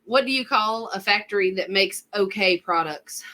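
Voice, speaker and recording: A woman's voice: medium pitch, normal speed, pushed and bright. A woman co-hosting a casual podcast, teasing her partner bluntly and giggling often. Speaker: podcast co-host.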